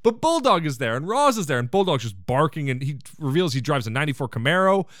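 A man's voice: on the high side, sing-song, quick pace, fairly bright tone, dry recording, clean studio sound. A young man hosting a podcast, recapping a sitcom episode in an irreverent, joking way with crude asides. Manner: irreverent, crude jokes, breezy paraphrasing of scenes. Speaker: podcast host. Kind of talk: casual comedic episode recap.

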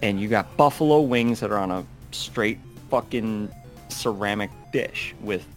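A man's voice: lowish voice, a little slow, faint music behind. A man in casual chat, talking loosely with many fillers and restarts, swearing and laughing as he goes.

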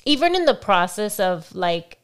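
Smooth-voiced woman, earnest podcast co-host. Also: medium pitch, big pitch swings, moderate pace. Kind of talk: casual faith-based chat.

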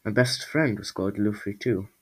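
A man's voice: on the low side, moderate pace, breathy edge. A man voicing a brave, sword-carrying male squirrel hero in a storybook, speaking earnestly and directly.

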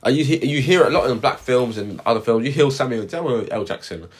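A man's voice: mid-range voice, quick pace, breathy edge. A man co-hosting a podcast, telling stories in casual chat with lots of slang. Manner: animated storytelling with slang. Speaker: podcast co-host.

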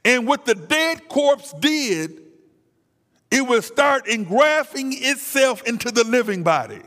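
A man preaching an impassioned sermon, dropping to a hush and then crying out, often repeating words. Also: very high-pitched, sing-song, takes it slowly, long reverb tail.

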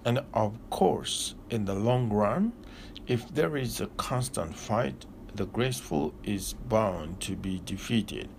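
A man giving a slow, deliberate philosophical discourse with long pauses, like a spiritual teacher. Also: fairly low pitch, animated, gravelly, background noise.

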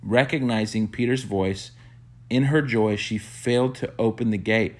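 A man preaching a sermon, telling a story with animated quoted bursts and soft hushed reflective asides. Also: measured pace. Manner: animated storyteller, acts out quotes with sudden high-pitched bursts. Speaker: pastor.

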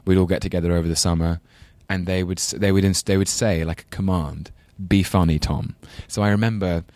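A man in his thirties with a London accent talks loosely as an interview guest, drifting between thoughts and laughing at his own stories. His voice sits very low. The sound is close and dry. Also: steady tone, fast, darkish tone, no room sound. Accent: London English. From England. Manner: rambling, self-deprecating, laughs often. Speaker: actor guest. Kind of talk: casual interview chat.

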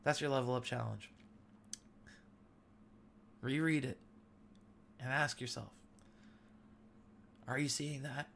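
A man's voice: medium pitch, steady tone, slow, gravelly, long pauses, a bit bright, slight background noise. A man in his thirties hosting a devotional talk, sharing an earnest, emotional testimony. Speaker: podcast host.

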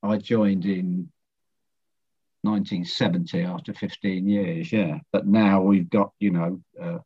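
A man's voice: deep voice, flat delivery, measured pace, slightly rough, lo-fi sound. A man in his seventies, a long-time club member, reminiscing casually in brief, understated replies.

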